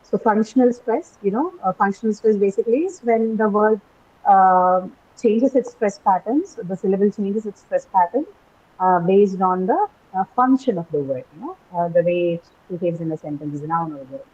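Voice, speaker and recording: Female teacher, online class: patient explainer, husky tone, muffled call audio. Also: medium pitch, animated, moderate pace, a little mellow. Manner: explanatory, many fillers and tag questions. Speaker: English teacher. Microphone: video call.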